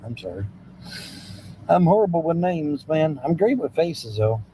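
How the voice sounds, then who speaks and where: Standing outdoors beside faintly idling trucks, a livestream host from Hamilton, Ohio, with a Southwest Ohio accent drawls through casual chat, greeting viewers, rambling, and repeating himself. His very dark, mellow voice swings widely in pitch with a sing-song lilt, he talks a little slowly, and the recording is rough.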